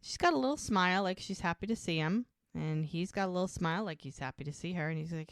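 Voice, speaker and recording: A woman co-hosting a podcast casually recaps a TV episode scene by scene, retelling it in a lively way with many "like"s. Her voice is on the low side, quick and with hardly any pauses, in clean studio sound without echo.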